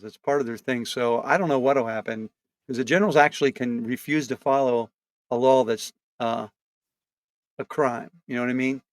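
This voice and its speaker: A man's voice: medium pitch, no room sound. A male comedian co-hosting a casual podcast, thinking aloud in a loose way with restarts. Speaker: comedian co-host.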